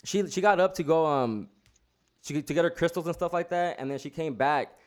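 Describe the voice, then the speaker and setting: A man's voice: on the high side, fairly quick. A man telling a story in casual chat, rambling with lots of slang and restarts.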